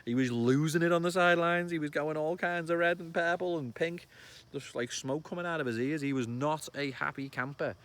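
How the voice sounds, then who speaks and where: A man in his thirties with a Liverpool accent, chatting excitedly outdoors about a football match, swearing and bursting into loud shouts. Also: on the high side, brisk. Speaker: football fan vlogger. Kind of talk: casual match reaction vlog. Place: outdoors among trees.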